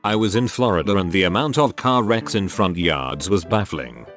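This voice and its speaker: A man narrating online stories in a steady, scripted reading style. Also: low-pitched, moderate pace. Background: faint background music.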